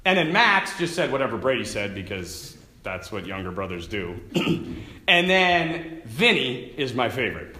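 A man who is a Catholic priest, giving a conversational homily full of stories, laughing often and swinging between loud and hushed. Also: mid-range voice, very animated, measured pace. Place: church. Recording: echoey church room.

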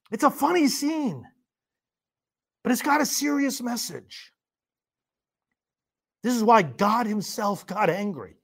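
Male priest host in a TV studio, emphatic and high-pitched. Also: animated, takes it slowly, vocal fry, pauses often, a bit bright. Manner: emphatic, repetitive restarts. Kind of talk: studio commentary and prayer.

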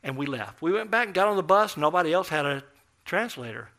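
A man preaching a sermon, telling a story in an animated way and acting out the people in it. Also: on the high side, a little fast, creaky.

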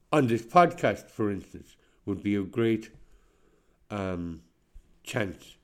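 A man's voice: lowish voice, darkish tone. Aggrieved man with a chesty cough. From Ireland. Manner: aggrieved, insistent, with restarts. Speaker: podcast guest. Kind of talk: monologue on a podcast.

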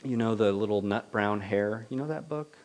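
A man preaching a sermon in a lively manner, swinging between loud declarations and soft, quiet asides, then leading a prayer. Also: on the low side, normal speed. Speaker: pastor.

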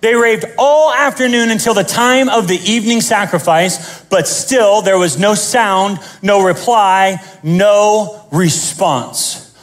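High-voiced animated male pastor. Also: takes it slowly. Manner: animated, joking, acts out scenes. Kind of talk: sermon.

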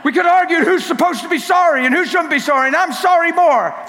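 Male preacher, high voice, emphatic and repetitive delivery with shouted peaks; long church-hall reverb. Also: fast. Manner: emphatic, repeats words for effect, rises to shouting at climaxes; jokes with the crowd. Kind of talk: sermon.

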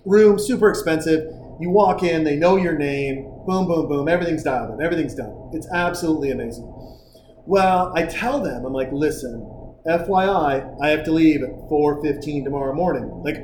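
A man's voice: a little high, fairly quick, echoey room. Man, casual podcast chat, profane storyteller, faint background noise. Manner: profane, animated storyteller acting out quotes. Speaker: podcast host.

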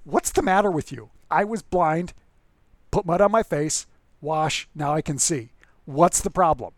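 A man's voice: medium pitch, steady tone, a little fast, darkish tone, no echo, lightly acted. A man voicing a young man, formerly blind, who gets snarky and exasperated at being questioned again and again. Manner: snarky, repetitive retelling.

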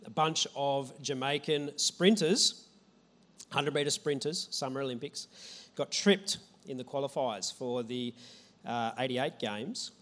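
A man giving a casual, conversational sermon in a church, chatting with the audience and poking fun at himself. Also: on the high side. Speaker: preacher. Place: church hall with a live audience.

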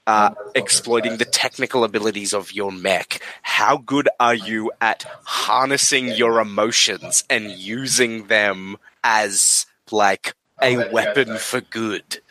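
A man, chatting casually as a game designer, animated and quick with jokes. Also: lowish voice. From Australia. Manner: animated, swearing, quick asides and laughter. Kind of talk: casual podcast chat.

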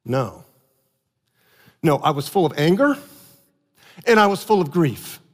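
Man preaching, sermon, high voice, animated storytelling, long echo in a large hall. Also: measured pace. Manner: animated storytelling with acted outbursts. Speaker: pastor.

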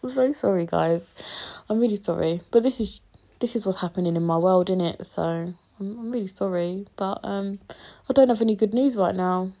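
This is a twenty-something woman with a mid-range, warm voice at normal speed. She hosts a casual solo podcast despite being sick and upset, rambling along with many fillers and a bit of swearing.

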